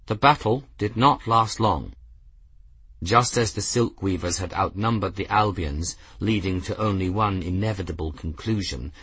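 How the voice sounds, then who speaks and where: A male narrator reads a fantasy novel with measured, expressive storytelling. His voice is deep and husky, with lively pitch. The recording is dry and close. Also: no room sound. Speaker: audiobook narrator. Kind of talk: scripted narration.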